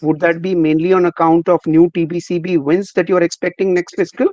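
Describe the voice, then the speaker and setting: A man's voice: on the high side, level tone, a little fast, a little mellow, no echo, poor audio. A man, an analyst, methodically asking about capitalization plans on an earnings call.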